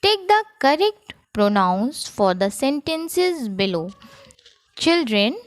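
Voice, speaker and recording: Slow sing-song Indian English teacher. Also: female voice, high voice, big pitch swings, no echo, studio quality. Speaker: school teacher. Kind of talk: recorded grammar lesson for children.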